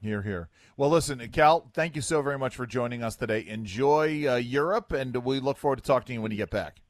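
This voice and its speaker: A man's voice: mid-range voice, brisk, no echo. A man hosting a talk radio show, giving wry commentary with lots of fillers. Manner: wry, animated, filler-heavy. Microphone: studio microphone.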